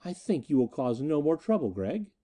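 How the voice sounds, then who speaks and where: A man's voice: on the high side, sing-song, normal speed, dark tone. A man voicing a proud, jealous Martian woman in an audiobook reading. She speaks in a stern, scornful and intense way. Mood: cold.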